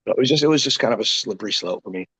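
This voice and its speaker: A man with a raspy, deep voice, a guest wrestler telling rambling stories in a casual interview. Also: racing, poor audio. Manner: rambling, animated, full of quoted asides.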